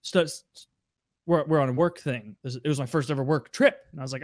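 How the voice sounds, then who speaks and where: A man's voice: mid-range voice, steady tone, fast, dry recording, studio quality. A man on a podcast, telling casual, profane anecdotes with a wry edge. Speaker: podcast regular. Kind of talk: casual storytelling.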